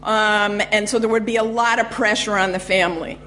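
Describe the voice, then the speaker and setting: A woman giving a public history lecture, telling a story in a measured way with frequent ums and uhs. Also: medium pitch, fairly even intonation, fairly bright tone, slight background noise.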